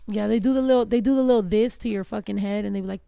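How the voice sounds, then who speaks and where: A woman's voice: mid-range voice, rapid-fire, creaky, warm tone, clean tone, dry recording, clean studio sound. A woman co-hosting a podcast, telling brash, profane stories in casual slang-filled chat. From Mexican heritage. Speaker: podcast co-host.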